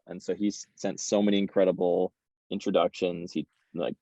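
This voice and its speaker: A man, a guest entrepreneur, telling his story in a casual interview, animated and repeating words as he starts. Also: low voice, brisk, no room sound, lo-fi sound.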